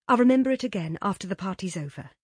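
A woman reading a story aloud, voicing an earnest young woman who pleads in a high, breathless, urgent way. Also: expressive, fast talker, darkish tone, breathy edge, no room sound, clean studio sound. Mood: wondering.

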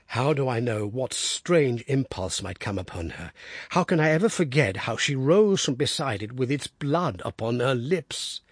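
A man voicing a worried, tender middle-aged father in an audiobook, low and earnest. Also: lively intonation, normal speed, slightly rough, no echo, studio quality. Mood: anguished. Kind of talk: audiobook character reading.

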